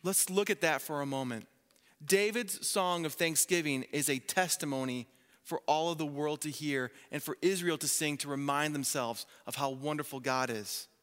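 Male pastor, 30s, bright and slightly high voice, animated sermon storytelling, long church-hall reverb. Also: normal speed. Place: church sanctuary.

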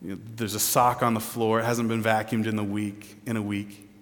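A man preaching a sermon with earnest intensity. He drops soft and low, then rises loud and pleading. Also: level tone, normal speed. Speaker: pastor. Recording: long reverb of a large hall.

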